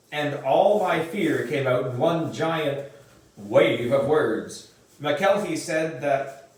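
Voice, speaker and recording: A man voicing a frightened young boy who stammers, in a storybook reading recorded in an echoey room from far off. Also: a little high. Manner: stammering, fearful.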